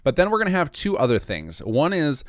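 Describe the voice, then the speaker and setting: A man's voice: fairly high pitch, huge pitch swings, a little fast, no echo, studio quality. A man giving a casual screen-recorded modding tutorial, thinking aloud and correcting himself as he clicks through the editor.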